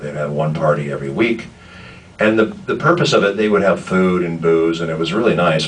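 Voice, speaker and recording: A low-voiced man spins loose anecdotes for a fan panel, stopping and restarting as he goes. He sits far from the mic, with steady noise in the room around him. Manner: rambling, many fillers and restarts, laughing asides. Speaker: voice actor, convention panelist. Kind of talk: anecdotal storytelling to fans. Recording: distant, noisy convention room.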